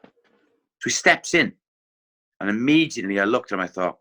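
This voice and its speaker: Lively Irish former footballer telling stories. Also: male voice, fairly low pitch, moderate pace. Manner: animated anecdote-telling, acts out quotes. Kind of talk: casual podcast storytelling.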